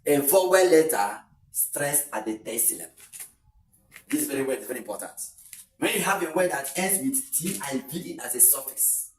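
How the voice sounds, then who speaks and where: A male English teacher giving an exam-prep pronunciation lesson, repeating words slowly with frequent hesitant fillers. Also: fairly high pitch, a little mellow. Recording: roomy sound from a distant mic with faint noise.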